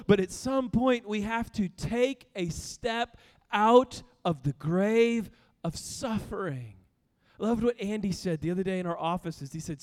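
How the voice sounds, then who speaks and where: A male pastor preaching a sermon, telling stories with laughter and sudden bursts of shouting, in a long-echoing hall. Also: sits high.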